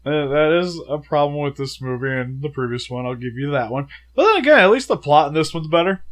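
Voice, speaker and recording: A man's voice: on the high side, animated, a little fast. Sick man hosting a casual movie review. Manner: chewing gum while talking, joking banter. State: recovering from a sickness, voice worn. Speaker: co-host of a movie review show.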